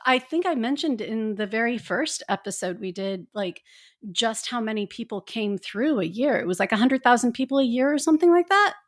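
A woman's voice: a little high, expressive, brisk. A woman co-hosting a podcast, reading news in casual chat with sarcastic asides. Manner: sarcastic, swears freely. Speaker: podcast co-host.

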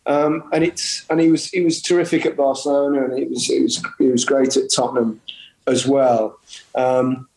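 A man's voice: mid-range voice, level tone, moderate pace, gravelly, darkish tone. Man telling football stories in an echoey room. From England. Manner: anecdotal, laughing storyteller. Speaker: former footballer, pundit. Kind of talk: casual chat.

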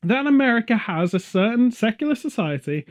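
A man's voice: very high voice, brisk. Sarcastic ranting man chatting. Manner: ranting, sarcastic, animated storyteller. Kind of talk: casual chat.

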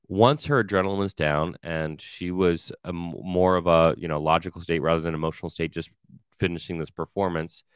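A man with a very low, smooth, resonant voice speaks in a relaxed, off-the-cuff podcast monologue. He sprinkles in fillers and blunt asides. The sound is dry and close, with no room around it. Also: no echo. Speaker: podcast host.

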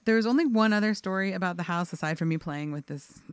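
A woman on a podcast telling a family ghost story in a relaxed way, with little laughs. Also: on the low side, quick pace, clear, resonant tone, no room sound, studio quality. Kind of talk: casual chat.

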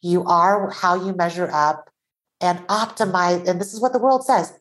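A Taiwanese-born woman, an author and podcast guest, talking earnestly in an animated conversational way. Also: lowish voice, normal speed, low-quality recording.

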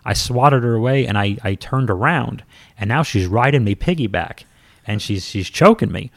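A man, a former pro wrestler, telling a story in a casual, lively and self-mocking way, with some swearing. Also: mid-range voice, moderate pace, vocal fry, dry recording.

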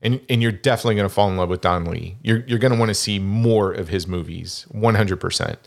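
Rambling middle-aged man, a bit low. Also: fast talker, creaky. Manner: rambling, restarts phrases often. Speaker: podcast host. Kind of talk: casual chat.

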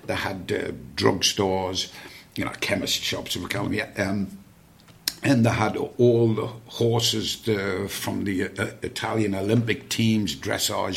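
A man's voice: on the low side, creaky. An older man telling long, rambling family stories as a podcast guest, full of fillers and restarts. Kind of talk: anecdotal storytelling.

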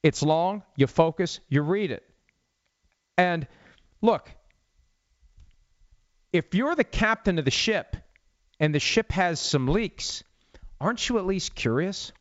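A man talking sports on his own show, voice sitting a little high and swinging lively up and down as he mocks and questions. The sound is close and dry, slightly dull and lo-fi from a studio mic. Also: no room sound. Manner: sarcastic, animated, rhetorical questions. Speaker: sports talk host. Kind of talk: solo talk commentary. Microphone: studio mic with cough button.

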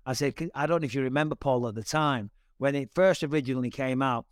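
A man's voice: medium pitch, fast, no echo, clean studio sound. A man from Britain hosting a podcast, talking bluntly and enthusiastically with plenty of swearing. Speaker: podcast host. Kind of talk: casual chat.

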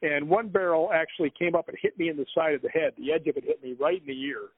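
On the high side and steady in tone, this man talks fast with a breathy edge. As a guest author being interviewed, he rambles through lengthy stories and laughs along the way, over a dry, phone-like line with no echo.

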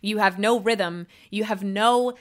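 A woman's voice: medium pitch, a little slow, lightly acted. A woman playing a stressed middle-aged male music producer and father in an improvised comedy sketch, exasperated and scolding.

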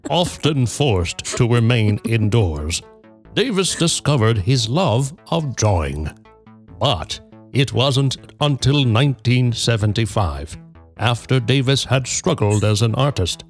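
Slow, measured man reading a story. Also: mid-range voice, expressive, faint music behind. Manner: measured, dry storytelling that builds to punchlines. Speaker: podcast host reading a prepared story. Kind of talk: scripted narration with casual banter.

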